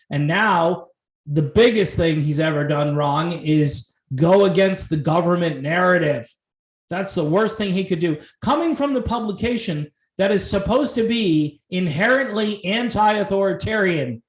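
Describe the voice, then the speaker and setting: Male host, fairly high voice, chatty and animated, roomy echoey sound. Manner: chatty and animated, laughing often, with frequent rhetorical asides. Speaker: host of a music commentary channel. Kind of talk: casual video commentary.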